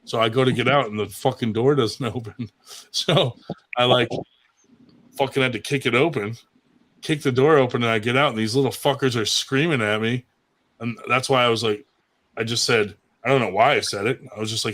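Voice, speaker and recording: A man's voice: mid-range voice, steady tone, normal speed, a bit bright. A married man telling wild stories in casual chat on a show, swearing often and laughing at his own tales. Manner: crude, profane, laughing storyteller. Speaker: show regular.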